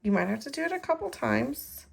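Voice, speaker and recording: A woman's voice: high voice, big pitch swings, fairly quick, vocal fry. A middle-aged woman giving a casual, rambling craft tutorial from her home craft room, correcting herself as she goes. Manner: chatty, rambling, self-correcting. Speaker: card-making demonstrator.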